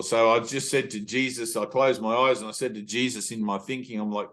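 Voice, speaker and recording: A man's voice: mid-range voice, a little fast, few pauses, a bit bright. Man telling stories in a spiritual talk. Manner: loose storytelling, full of fillers; acts out quoted voices. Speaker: spiritual teacher.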